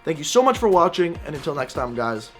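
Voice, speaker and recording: A young man hosting a gaming channel, telling an animated, jokey personal story over gameplay commentary. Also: a little high, fast, over loud music.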